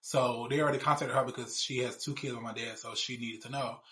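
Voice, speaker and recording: A man's voice: medium pitch, fairly even intonation, fast talker, fairly bright tone. A man in his thirties telling a personal story in a casual, blunt, rambling way with plenty of swearing. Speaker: show cast member.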